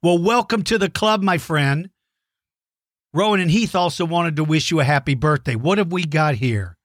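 A man's voice: a little high, moderate pace, no room sound, studio quality. A middle-aged man hosting a children's dinosaur show, enthusiastic and encouraging, explaining things simply. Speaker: host answering kids' dinosaur questions. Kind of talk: friendly kids' show chat.

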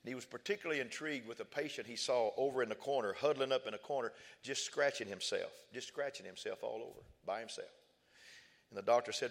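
A man's voice: medium pitch, fast talker, vocal fry, big-room sound. A man preaching a sermon and telling a funny personal story, repeating phrases for emphasis. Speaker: pastor.

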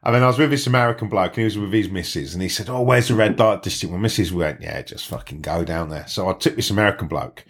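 A man's voice: sits low, fast, few pauses. A man, a podcast host telling crude stories in casual banter with friends and putting on voices for the people in them. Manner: rowdy storytelling with quoted voices.

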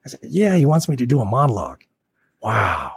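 A man being interviewed as a guest actor, telling anecdotes in a casual, animated way and acting out the people he quotes. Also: medium pitch, racing, vocal fry, breathy edge. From Portland, Oregon.

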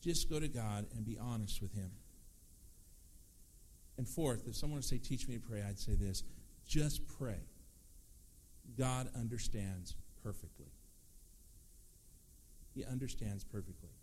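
Man preaching a lively sermon. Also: medium pitch, a little hiss or hum. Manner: lively preaching, acts out prayers and quoted voices. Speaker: pastor.

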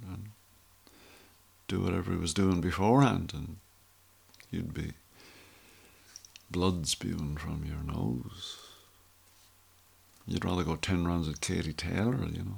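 A man's voice: low voice, vocal fry, slightly rough. A middle-aged Irish man telling a rambling, wry story in a casual monologue. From Ireland. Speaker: vlogger.

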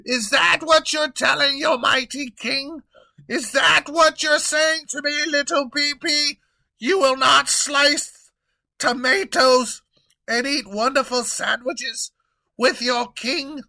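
A man puts on a bossy, blustery king in a comic audio tale, his voice pitched high above his usual speech and ringing bright. He gives orders as if every word were a royal decree, and he shouts when crossed. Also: slow pace, vocal fry, heavily acted. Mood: indignant. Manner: blustery, commanding, prone to yelling. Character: pompous gluttonous male king, bossy.

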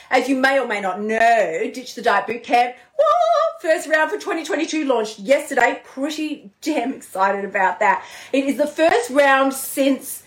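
Lively, echoey woman coaching live. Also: a little high. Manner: animated, playful, swears casually. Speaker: podcast host and diet coach. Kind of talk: live motivational talk.

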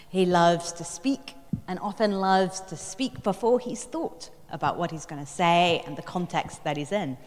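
A woman giving a sermon, reflective and storytelling in tone, with pauses and small fillers as she works through her thoughts. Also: lowish voice, darkish tone. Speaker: preacher. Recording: long hall reverb.

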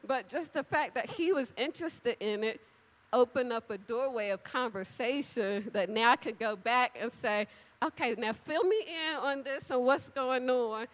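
A woman preaching an animated, chatty sermon, talking straight to the congregation and acting out little conversations. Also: fairly high pitch. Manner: animated, chatty, addresses crowd directly; acts out dialogue with big voice swings. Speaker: church speaker. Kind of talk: lively sermon with storytelling.

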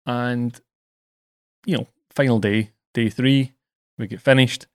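A man hosts a podcast among fellow caddies. He tells his stories with lively energy and teases his guests along the way. The talk is relaxed, casual chat. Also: medium pitch, slow, smooth. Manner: lively teasing storyteller.

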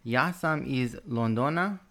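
A man's voice: mid-range voice, expressive, a little slow, a bit bright. A man with a mid-range voice practices new phrases on a casual podcast. He is good-humored and tries hard. He sometimes stumbles over unfamiliar words. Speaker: podcast co-host learning Croatian. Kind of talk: casual chat, repeating phrases.

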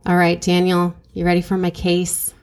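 A woman co-hosting a podcast, reading out a true crime case in a measured, dramatic way. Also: on the low side, monotone, faint music behind. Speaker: podcast co-host.

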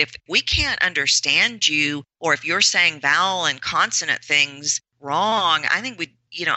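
A woman's voice: deep voice, pushed and bright, dry recording, poor audio. A woman voice coach answering podcast interview questions, emphatic and repeating words for stress. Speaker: voice and presentation coach.

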